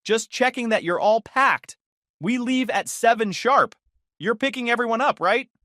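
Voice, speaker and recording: A man's voice: very high voice, normal speed, no echo, clean studio sound, voice pushed up. A man voicing a fussy, overly cheerful older mother in a narrated story. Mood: chirpy. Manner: bright, bossy, fussing.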